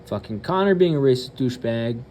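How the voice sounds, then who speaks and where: Man, channel host, profane ranting commentary, blunt, hesitant fillers, mid-pitched voice, faint background noise. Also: expressive, fairly quick, a little mellow.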